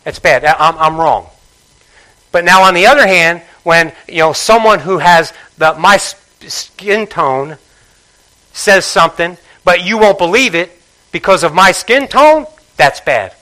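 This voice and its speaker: A man preaching from the pulpit in a church, his voice pitched high and ringing bright. He drives his points home by repeating them and keeps prodding the congregation to answer back. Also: animated, a little slow, rough recording. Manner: emphatic, repeats phrases, prods congregation for responses. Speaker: pastor. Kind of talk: sermon.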